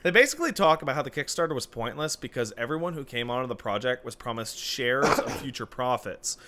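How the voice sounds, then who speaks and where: Bright-voiced man, animated podcast co-host. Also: mid-range voice, fast. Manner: animated, swears, rises to loud peaks. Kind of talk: casual chat.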